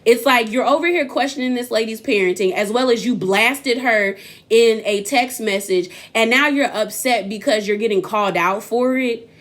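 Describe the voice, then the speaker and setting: A young woman recapping a reality show in casual chat, sassy and animated, acting out what people said. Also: a little high, normal speed. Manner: sassy, animated, acts out quotes.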